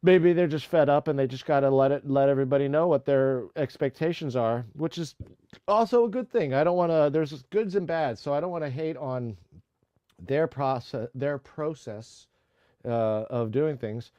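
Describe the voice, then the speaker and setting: A man's voice: fairly high pitch, moderate pace, warm tone, clear, resonant tone, no echo, lo-fi sound. A man hosting a casual music-making live stream, rambling with lots of fillers and restarts. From United States.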